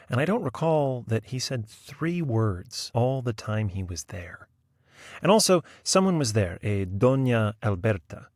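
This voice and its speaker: Low-voiced male story reader. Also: dry recording, clean studio sound. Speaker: audiobook reader. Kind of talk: scripted narration.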